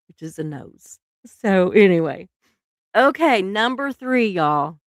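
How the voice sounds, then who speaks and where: A woman's voice: mid-range voice, lively intonation, slow, no room sound, clean studio sound. A middle-aged woman, hosting a casual live stream, chatty and laughing often, trailing off mid-sentence.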